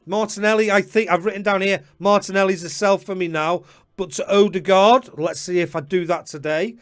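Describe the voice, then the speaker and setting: A man hosting a live fantasy football stream, chatting to viewers by name with quick apologetic asides. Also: high voice, steady tone, a bit bright. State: slightly out of breath. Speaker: host.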